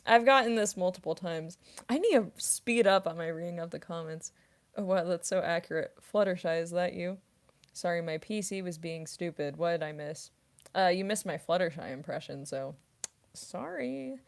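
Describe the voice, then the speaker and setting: A young adult woman chatting through a livestream Q&A, answering questions off the cuff. Her voice sits a little low for a woman, and she meanders through sentences with frequent fillers and bursts of giggling. The tone stays relaxed and casual. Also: unhurried. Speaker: voice actress and streamer.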